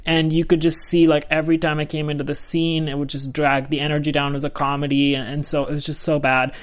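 A man's voice: a little high, level tone, fast talker. A young adult man telling a story as an interview guest in a casual, rambling way, full of "like" and restarts. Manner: chatty, full of "like" and restarts, laughs through.

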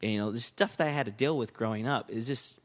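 A man's voice: mid-range voice, fast. A man as a podcast guest in casual chat, talking candidly and swearing freely.

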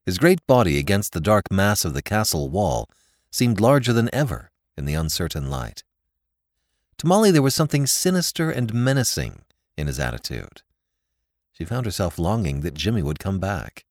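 A man narrating a classic story with an expressive, dramatic reading. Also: deep voice, moderate pace, no room sound, clean studio sound.

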